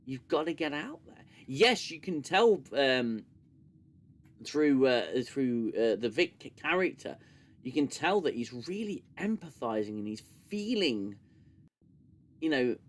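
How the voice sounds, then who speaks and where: A man hosting a casual live discussion stream, talking in long animated runs and sometimes mimicking gushing voices. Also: mid-range voice, slow. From United Kingdom. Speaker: podcast host.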